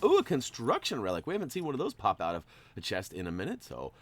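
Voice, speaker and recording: A man's voice: mid-range voice, fast talker. A man giving casual, playful commentary while he plays a video game. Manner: chatty and playful, jumps up in excitement. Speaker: gaming channel host.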